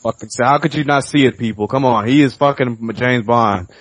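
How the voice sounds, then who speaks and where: A man co-hosting a podcast, talking in casual, profane, animated chat and laughing often. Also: mid-range voice, a little fast, no echo. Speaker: podcast co-host.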